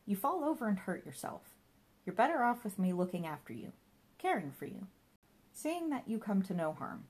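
A woman's voice: medium pitch, big pitch swings, moderate pace, husky, voice pushed up. A woman voicing a meddling, smothering male monkey-boy companion in a storybook reading. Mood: fretting. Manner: fussy, smothering, bossy.

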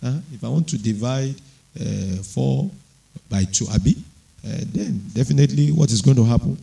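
A man preaching a sermon, slow and deliberate at first, then rising into impassioned, raised delivery. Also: mid-range voice, vocal fry, dark tone, low-quality recording. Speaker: pastor.

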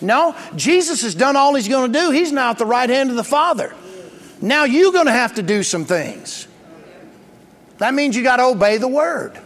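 High-voiced man preaching in a reverberant hall. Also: sing-song, normal speed, a bit bright. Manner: preachy call-and-response, emphatic and plain-spoken. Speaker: pastor. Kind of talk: sermon. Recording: long reverb of a large hall.

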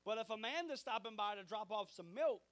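Pastor, forties, fairly high voice, chatty sermon full of stories and quoted talk. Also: male voice, a little fast. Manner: conversational, animated storytelling with quoted dialogue.

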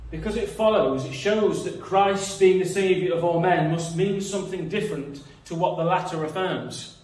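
A man's voice: high-pitched, a little mellow. A man preaching a sermon in an earnest, reasoning way, often repeating words as he thinks. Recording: echoey room, mic some distance away.

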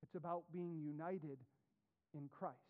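Heard through narrow, tinny, phone-style audio, a pastor with a fairly high voice and steady tone preaches a sermon. He reads scripture with deliberate weight, his voice rising and dropping sharply to emphasize.

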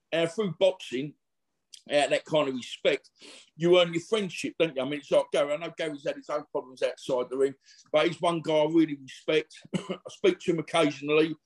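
A man's voice: fairly high pitch, fairly even intonation, moderate pace. A middle-aged man, a former boxer telling rambling, slangy stories in a casual interview. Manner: chatty, rambling, laddish slang with frequent fillers.

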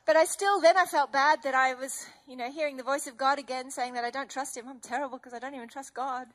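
High-voiced woman preaching. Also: fairly even intonation, quick pace, few pauses, fairly bright tone. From Australia. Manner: emotional, earnest storytelling. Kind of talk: testimony sermon.

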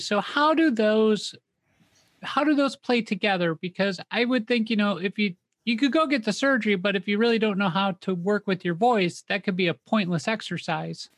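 A woman's voice: medium pitch, no room sound. A woman co-host who thinks aloud while asking a question. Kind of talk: interview questions.

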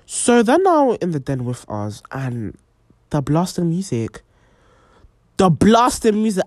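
A woman's voice: low-pitched, no echo, studio quality. A young woman hosting a podcast, telling a personal story with lots of fillers and acted-out quotes. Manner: animated, many fillers, acts out quoted voices. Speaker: podcast host.

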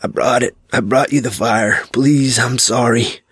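A man's voice: medium pitch, steady tone, a little slow, a bit bright, breathy edge, no echo. A man voicing a broken, ecstatic man who rises to agonized howls. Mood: pleading. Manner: bubbling, rising to an agonized howl. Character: ruined, ecstatic man with a bomb, broken and childlike.

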